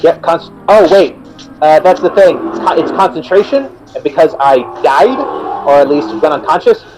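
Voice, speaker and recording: A man's voice: on the high side, lively intonation, normal speed, over music, poor audio. A man playing in a tabletop game, chatting casually and hesitantly, with many fillers and restarts. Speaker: player.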